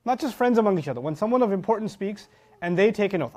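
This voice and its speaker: A man teaching about the Quran in an animated lecture, punching key words and acting out how listeners react. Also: sits high, quick pace.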